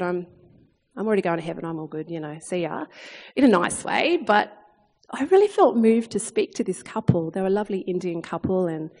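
Aussie woman giving a sermon, chatty and animated, big echoey church hall. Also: mid-range voice. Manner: chatty and animated, acting out quoted lines. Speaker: preacher. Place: church hall, long reverb. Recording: reverberant hall sound.

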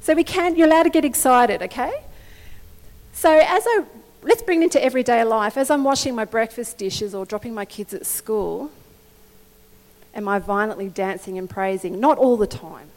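A middle-aged woman preaching a sermon in an animated, conversational way, often checking in with her listeners. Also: on the high side, normal speed. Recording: long hall reverb.

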